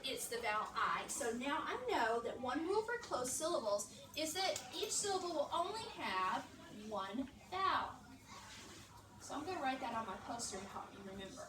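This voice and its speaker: Lively high-voiced woman teaching children. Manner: upbeat, encouraging, slow and clear for young children. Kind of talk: classroom reading lesson. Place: classroom. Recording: echoey classroom, far-off mic, background noise.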